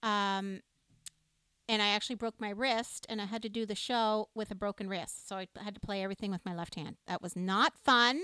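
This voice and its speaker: A woman's voice: medium pitch, fairly even intonation, a little fast, bright, forceful tone, smooth, no room sound. Woman, co-host, enthusiastic storyteller, dry close sound. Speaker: livestream music show co-host. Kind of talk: casual chat with live viewers.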